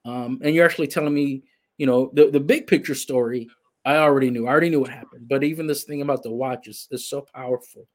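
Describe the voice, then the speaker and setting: A man hosting a broadcast interview, talking in a reflective, halting way with many restarts. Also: mid-range voice, steady tone, a little mellow. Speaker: host. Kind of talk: interview conversation, livestream.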